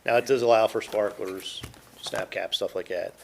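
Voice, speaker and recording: A man at a council meeting explaining the details of an ordinance in a quick, matter-of-fact way. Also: fairly low pitch, fairly even intonation, vocal fry, a little hiss or hum. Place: council chamber.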